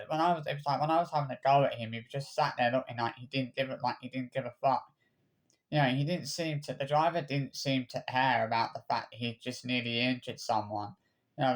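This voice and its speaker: A man ranting to camera, halting and repeating himself, swearing freely. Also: medium pitch. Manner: halting, many stammered restarts and repeated words. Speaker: vlogger. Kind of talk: angry personal rant.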